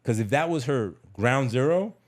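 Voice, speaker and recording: A man's voice: mid-range voice, animated, moderate pace. A middle-aged man talking candidly on a podcast, emphatic and slangy, repeating words as he tells a personal story. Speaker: podcast guest.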